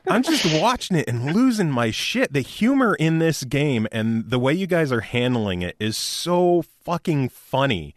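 A man's voice: a little high, very animated, a little slow, hardly any pauses, no room sound. A man hosting a podcast, chatting casually in a profane, enthusiastic way. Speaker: podcast host.

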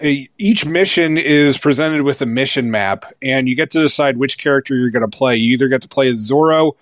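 This game reviewer and podcast co-host, a man in his thirties, talks through a video game in a fairly quick, mid-range voice on a dry recording. His casual chat wanders, full of fillers and restarts, and he laughs easily.

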